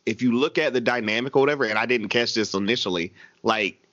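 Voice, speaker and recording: A man casually retelling a movie's scenes, animated and swearing freely. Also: medium pitch, fast talker, no echo, muffled recording.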